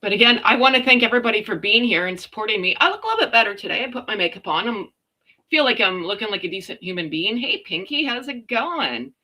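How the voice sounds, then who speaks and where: A middle-aged woman from Canada hosting a casual livestream, loud and chatty with a slight stutter, reading out viewers' comments. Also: medium pitch, sing-song, fast. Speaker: livestream host.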